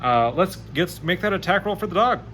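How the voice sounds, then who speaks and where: Bright chatty guy running a solo rpg, slight hiss behind. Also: high voice, fairly quick. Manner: animated, chatty, rolls dice aloud. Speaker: game master playing solo. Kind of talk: solo tabletop game narration.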